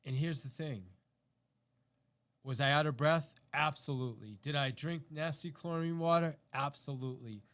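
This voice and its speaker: A man's voice: fairly high pitch, normal speed. A middle-aged man, a podcast host, telling a personal story to listeners and acting out the quotes. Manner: animated, acts out quotes, repeats himself.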